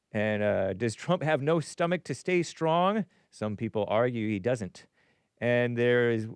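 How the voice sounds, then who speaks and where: A man's voice: medium pitch, clear, resonant tone, no room sound. A man hosting a live call-in stream, reading viewer messages aloud in a casual, rambling way with playful asides and chuckles. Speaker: call-in show host.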